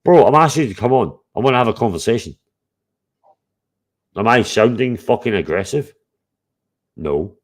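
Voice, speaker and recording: A man's voice: mid-range voice, lively intonation, moderate pace, long pauses. A man hosting a live stream, talking bluntly and confrontationally, swearing a lot. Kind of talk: heated live stream chat.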